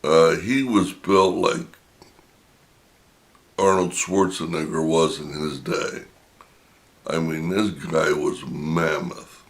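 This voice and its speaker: A middle-aged man, slowly telling a personal anecdote in a casual, drawn-out way. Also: very deep voice, steady tone. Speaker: storyteller.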